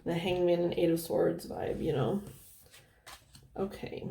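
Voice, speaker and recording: A woman giving a casual tarot reading, thinking out loud with lots of fillers and restarts, often dropping to a soft, near-whispered tone. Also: fairly low pitch, a little slow, creaky, slight background noise. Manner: meandering, thinking aloud with many fillers. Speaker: tarot reader.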